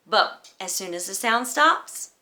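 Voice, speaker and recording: A woman music teacher giving a children's music lesson, speaking in a gentle, encouraging way to young children. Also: medium pitch, expressive, slow.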